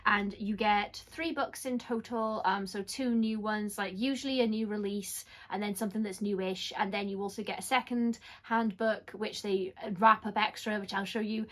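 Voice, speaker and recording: A woman's voice: medium pitch, steady tone, moderate pace, hardly any pauses, fairly bright tone. A young woman chatting casually through a book box unboxing. She rambles, apologises often and jokes at her own expense. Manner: chatty, apologetic, self-deprecating. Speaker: book vlogger.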